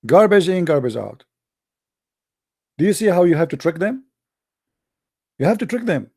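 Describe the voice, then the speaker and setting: A man's voice: high-pitched, big pitch swings, normal speed, creaky, a little mellow, breathy edge. Combative male host. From Middle East. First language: Arabic. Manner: combative, mocking, blunt insults. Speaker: live-stream host. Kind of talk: heated live-stream debate.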